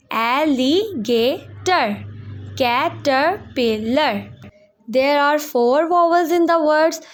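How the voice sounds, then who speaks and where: A young woman teaching a school language lesson, stretching out example words slowly and explaining points quickly in between. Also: high-pitched. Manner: slow, drawn-out words for pronunciation practice; switches quickly between English and Hindi explanations. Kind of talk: classroom lesson video.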